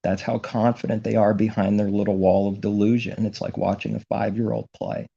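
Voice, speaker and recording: A man's voice: lowish voice, brisk, vocal fry, mellow, breathy edge, muffled recording. A man delivering an impassioned, indignant religious monologue, repeating his points as he preaches. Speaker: religious commentator.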